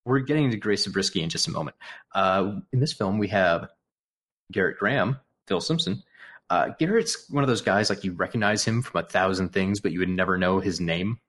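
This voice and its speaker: Husky-voiced man sharing movie trivia. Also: low-pitched, lively intonation, brisk, fairly bright tone. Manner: reads trivia notes, laughs often. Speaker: podcast co-host. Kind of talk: casual movie commentary chat.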